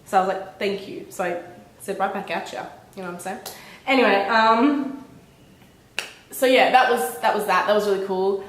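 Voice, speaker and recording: A woman in her twenties chatting casually to her camera at home, telling a story with lively, bubbly energy. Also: normal speed, pauses often. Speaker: vlogger. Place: indoors at home, a small room. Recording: echoey room with faint rumble.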